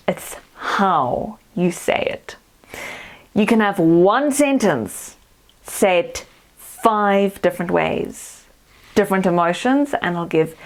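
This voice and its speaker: A woman from South Africa, a confidence coach, giving a lesson straight to camera and acting out example tones. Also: mid-range voice. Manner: expressive, acts out example tones. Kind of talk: teaching talk to camera.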